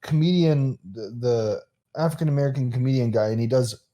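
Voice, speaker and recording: A young man co-hosting a casual podcast, eager and loud, with many fillers. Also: medium pitch, fairly quick. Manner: enthusiastic, loud, filler-heavy. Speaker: podcast co-host. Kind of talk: casual chat.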